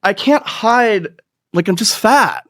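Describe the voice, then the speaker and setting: A middle-aged man telling a rambling, profane comic story with quick asides and put-on voices. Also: high voice, animated, a bit bright, no echo. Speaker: comedian. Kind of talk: stand-up storytelling.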